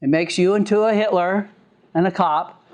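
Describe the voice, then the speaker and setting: A man's voice: high voice, fairly even intonation, moderate pace, a little mellow. A man giving a lecture on parenting, joking and laughing as he acts out what parents and children say. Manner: jokey, laughs at own lines, acts out parent and child voices. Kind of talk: recorded lecture.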